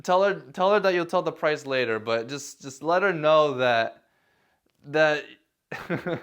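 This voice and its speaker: A man's voice: fairly high pitch, unhurried, fairly bright tone, clear, resonant tone. A man vlogging casual advice in a self-deprecating way, chuckling now and then. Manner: self-deprecating, many fillers and restarts, chuckles. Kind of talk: casual talking-head advice.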